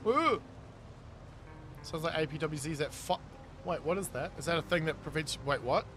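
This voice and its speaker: A man's voice: fairly high pitch, animated, moderate pace, music in the background. A man, chatting casually with his live-stream viewers as he plays, reading chat aloud and laughing often. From New Zealand. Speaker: game streamer.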